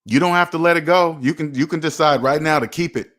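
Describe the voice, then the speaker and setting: A man's voice: on the high side, fast talker, fairly bright tone. A man hosting a personal finance channel, talking straight to viewers in a preachy, repetitive, emphatic way. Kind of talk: motivational livestream talk.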